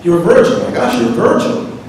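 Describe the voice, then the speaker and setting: A man's voice: fairly quick, a little mellow, a little hiss or hum, natural voice. A man voicing a distressed medieval poet who gushes and pleads in a raised voice. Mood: awestruck. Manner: pleading, gushing. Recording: echoey hall from far off.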